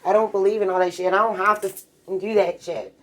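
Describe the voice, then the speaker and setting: A woman's voice: mid-range voice, fairly even intonation, quick pace, fairly bright tone, poor audio. Agitated woman ranting at home. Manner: agitated, profane, rambling. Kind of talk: rambling casual vlog rant. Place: home apartment, cooking.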